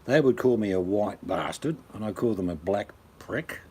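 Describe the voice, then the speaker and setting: An older Australian man hosts a casual chat on his channel, rambling and joking and slipping into impressions. His voice sits on the low side with warm tone and lively intonation at a normal speed, over slight background noise.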